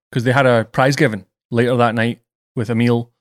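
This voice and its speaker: A man hosting a caddie podcast, teasing his guests and telling lively stories in casual chat. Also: mid-range voice, fairly quick.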